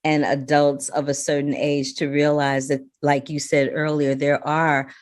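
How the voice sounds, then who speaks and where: A woman hosting a podcast, interviewing a guest and wrapping up the episode in an effusive, expressive way. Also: sits low, a little slow. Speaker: podcast host.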